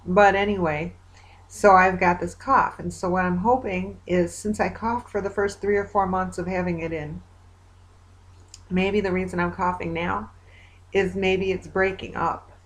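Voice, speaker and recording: Woman vlogger, lower voice, chatty diary talk, long rambling retellings full of fillers. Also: steady tone, measured pace. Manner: hopeful yet weary. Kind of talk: casual personal video diary.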